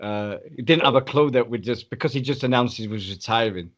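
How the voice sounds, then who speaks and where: A man in casual chat, a lively storyteller who acts out other people's lines. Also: mid-range voice, fairly quick, muffled recording.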